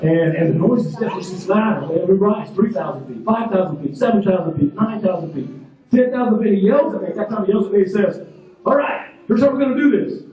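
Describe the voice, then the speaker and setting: A man delivers a motivational graduation speech in a high, mellow voice, telling stories emphatically and repeating his points. He sounds far from the microphone. The sound rings through a large, very echoey ceremony hall. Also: animated, brisk. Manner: storytelling, emphatic, repeats phrases.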